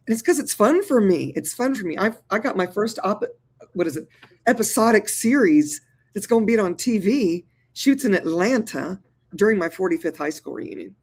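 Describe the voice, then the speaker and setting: A woman in her sixties, an actor and therapist, talking as a guest in an interview in an animated, colloquial way, calling listeners "y'all". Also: mid-range voice, moderate pace. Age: 60s. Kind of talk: lively interview conversation.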